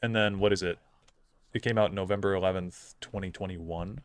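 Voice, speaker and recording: A man's voice: sits low, steady tone, normal speed, clean tone, no room sound. A young man streaming a game, chatting casually in a rambling, opinionated way full of fillers. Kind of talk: casual gameplay commentary.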